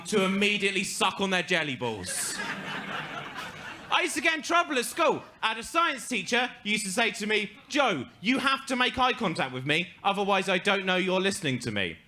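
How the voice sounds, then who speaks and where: A young English man doing stand-up storytelling with a nasal, deadpan, self-deprecating delivery. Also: high voice, noisy background. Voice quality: nasal and monotone. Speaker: stand-up comedian. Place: live storytelling stage with audience.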